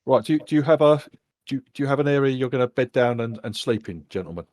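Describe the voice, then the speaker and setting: A man running a tabletop game as game master, talking in halting bursts with many restarts and casual swearing. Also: mid-range voice, animated, a little mellow, no room sound.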